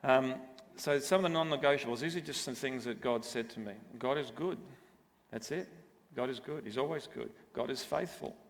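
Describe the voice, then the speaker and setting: A middle-aged man sharing an earnest, measured testimony from a church stage. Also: mid-range voice. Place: church auditorium. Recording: long reverb of a church hall.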